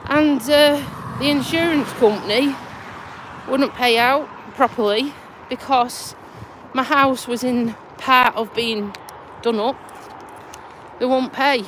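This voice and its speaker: This is a community nurse who vlogs, a woman from Lincolnshire, England, with a Lincolnshire English accent. Walking by a tidal river bridge on a live stream, she talks in a chatty, blunt manner, swears casually, and sounds winded and stuffed up from a cold. Her voice sits high and a bit bright at a slow pace, with a faint hiss or hum.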